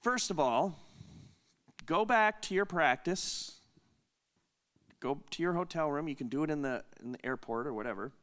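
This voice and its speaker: A middle-aged man with a slightly raised, lively voice answers questions at a conference session. He tells stories in a chatty, rambling way, breaks off mid-sentence and laughs often. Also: fairly high pitch, normal speed, pauses often. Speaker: conference Q&A host. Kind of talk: casual storytelling Q&A.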